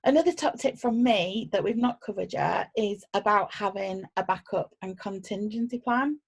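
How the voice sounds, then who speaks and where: A woman hosts a video-call chat about event planning in a businesslike, friendly way. Her mid-pitched voice is gravelly and husky, with a rough, breathy edge. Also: normal speed. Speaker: host from an events agency.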